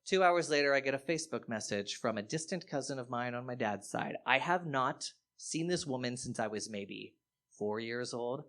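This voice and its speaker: A man performing stand-up comedy on stage, telling a story in an animated, profane way with sudden loud outbursts. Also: mid-range voice, normal speed. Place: live stage show.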